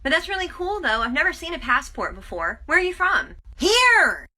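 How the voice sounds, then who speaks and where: A woman's voice: high-pitched, very animated, normal speed, sharp tone. A young woman performing a comedy sketch alone, switching between characters in a dialogue. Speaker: TikTok sketch creator. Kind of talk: comedy sketch playing several parts.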